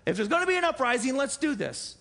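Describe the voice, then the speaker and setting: A man's voice: very high voice, very animated, fast talker, sharp tone, long reverb tail, exaggerated voice. A man voicing a mocking, pushy male thief who taunts from a cross. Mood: taunting.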